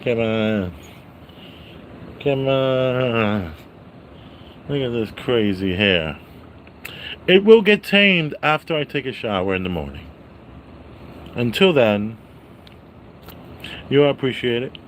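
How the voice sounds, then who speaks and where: A man reviewing a movie on a casual livestream, greeting viewers by name and loudly repeating his catchphrases. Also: medium pitch, expressive, slow pace, long pauses, a little hiss or hum.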